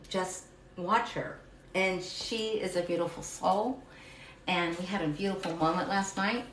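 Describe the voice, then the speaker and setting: A lower-pitched woman with a drawl speaks in a raw, confessional way, drifting between thoughts as she talks to viewers. She sits a little back from the mic in a roomy, echoey space. A faint room hum sits behind her. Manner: emotional, confessional, rambling. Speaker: live stream host. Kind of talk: personal testimony to a live audience. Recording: roomy echo, slightly distant mic.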